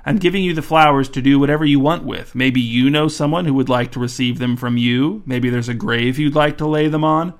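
A man's voice: mid-range voice, fairly even intonation, brisk, few pauses, natural voice. A man voicing an earnest, hesitant man. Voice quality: hesitant, self-doubting. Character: eager, earnest man doing good deeds.

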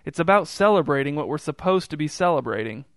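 A man doing a high, panicky young boy. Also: expressive, quick pace, no room sound, studio quality. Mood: earnest. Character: anxious rule-following young boy.

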